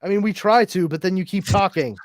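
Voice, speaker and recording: A man with a high-pitched voice talks fairly quickly as he hosts a casual podcast, going over listener comments in a rambling way full of restarts and fillers. The sound is studio quality with no room sound.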